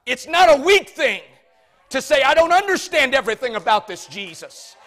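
High bright-voiced preacher man. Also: very animated, moderate pace. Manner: dramatic swings from loud shouting to soft asides. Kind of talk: sermon.

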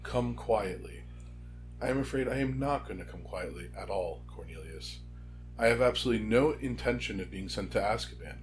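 A man reading aloud and voicing a gentle, dryly polite old male headmaster. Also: on the low side, animated, moderate pace, faint music behind, close to an everyday voice.

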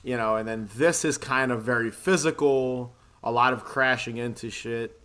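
Bright-voiced young man in loose chat. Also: mid-range voice, fairly even intonation, moderate pace. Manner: loose, rambling, laughs often, heavy filler words. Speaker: podcast co-host reviewing a movie. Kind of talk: casual chat.

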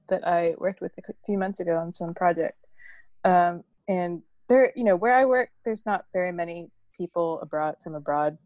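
A woman's voice: medium pitch, no echo, muffled recording. A woman in casual conversation, chatty and laughing, with lots of fillers and restarts. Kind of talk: casual chat.

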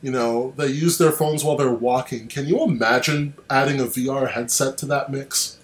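A man's voice: mid-range voice, steady tone, moderate pace, reverberant, a little hiss or hum. A man hosting a casual online chat, rambling with restarts and sardonic asides. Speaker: podcast host. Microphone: online call.

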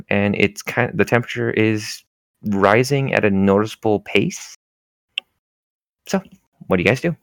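A man narrating a tabletop game as game master, describing scenes in an unhurried way with many fillers. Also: low voice, no room sound. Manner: unhurried, descriptive, full of fillers like "you know".

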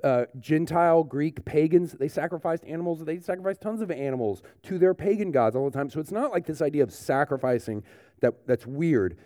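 A man preaching a sermon in a relaxed, conversational way, often dropping in "like" and "you know". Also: on the high side, brisk, no room sound, clean studio sound. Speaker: pastor. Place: church.

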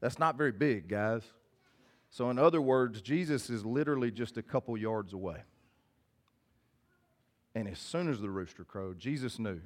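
A man's voice: medium pitch, normal speed, long pauses. A male pastor giving a casual, direct sermon, reading scripture aloud and then explaining it to listeners. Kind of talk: conversational sermon.

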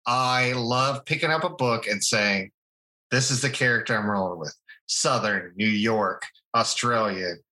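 A man co-hosting a podcast, telling stories about his young daughter in animated, casual chat. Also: lowish voice, measured pace, poor audio. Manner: storytelling, animated. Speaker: podcast co-host.

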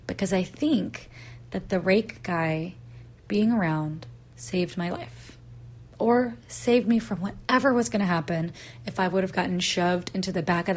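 A woman in her thirties, a podcast host telling a personal story and acting out the voices in the dialogue she quotes. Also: on the low side. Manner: animated, acts out voices in quotes.

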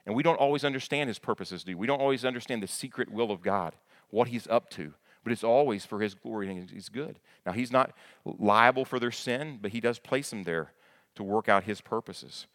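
A man's voice: mid-range voice, brisk, a bit bright. A man preaching a sermon to his congregation, emphatic, repeating key words and asking them questions, often stumbling and restarting. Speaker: pastor.

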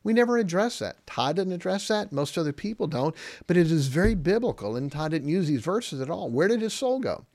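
A man's voice: fairly high pitch, big pitch swings, fairly quick, darkish tone, no room sound, clean studio sound. A man hosting a podcast, teaching Bible doctrine in an emphatic way, asking questions and answering them himself and reading verses aloud in old-fashioned wording. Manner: reads scripture aloud in King James wording. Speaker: podcast host.

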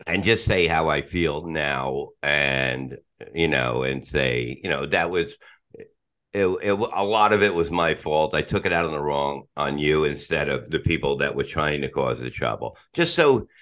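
A man's voice: rumbling low, lively intonation, measured pace, fairly bright tone. A middle-aged man chatting casually as a podcast guest, rambling and swearing, restarting sentences and laughing often.

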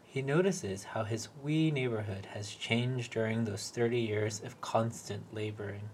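A man reading a short story aloud in a wry, deadpan way. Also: fairly low pitch, measured pace, slight background noise. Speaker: reader.

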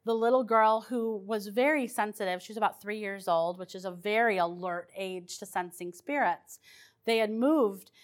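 A woman's voice: medium pitch, moderate pace. A woman paranormal investigator telling her stories in a chatty, rambling way, with restarts and fillers. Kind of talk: casual storytelling.

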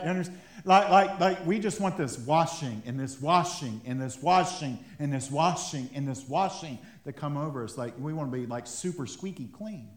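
A man with a high voice preaches a sermon in a conversational way, often chuckling between points. The sound of the church room rings around him. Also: moderate pace, echoey room. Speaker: pastor.

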